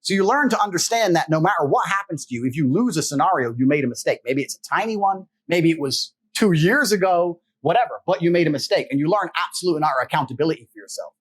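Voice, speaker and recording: Husky, slightly high-voiced man; blunt, profane interview guest. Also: animated, fast, hardly any pauses. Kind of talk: emphatic motivational talk.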